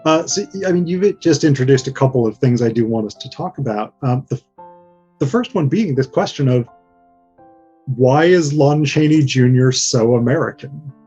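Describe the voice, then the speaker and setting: Thoughtful man with a husky, mellow voice. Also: mid-range voice, expressive, muffled recording, faint music behind. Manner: thoughtful, measured questions. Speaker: host. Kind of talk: conversational interview.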